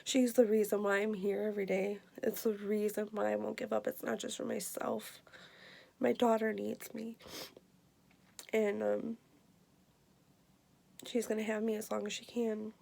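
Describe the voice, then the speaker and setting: A woman in her twenties giving an earnest, emotional personal health update, halting with many fillers. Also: medium pitch, level tone, gravelly, darkish tone. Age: 20s. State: emotional, near tears. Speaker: vlogger.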